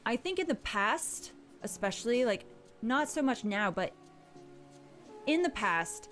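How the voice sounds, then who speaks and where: A woman, a parent, hosting a casual livestream chat, giving earnest, gentle advice and reading viewers' messages aloud. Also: fairly high pitch, very animated, a little slow, faint music behind. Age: adult parent. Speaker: livestream host.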